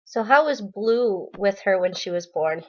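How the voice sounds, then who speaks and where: A woman interviewing her mother with gentle questions, then reading a short poem to her sister. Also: medium pitch, lively intonation, a little slow. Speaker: interviewer, daughter. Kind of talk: family interview and read poem. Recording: dull lo-fi recording.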